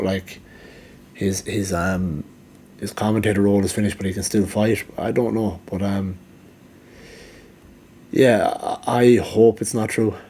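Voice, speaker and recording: A man's voice: lowish voice, darkish tone, slight background noise. A man giving rambling casual commentary, full of ums and restarts, and he is losing his voice. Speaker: MMA vlogger.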